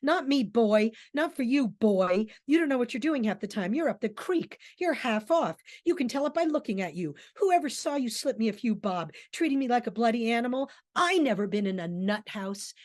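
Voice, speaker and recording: A woman reading the lines of a scared, bitter old man who is a drifter, ranting fast and indignantly. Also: high voice, very animated, no room sound, studio quality, voice pushed up. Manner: ranting, quick, loud and indignant.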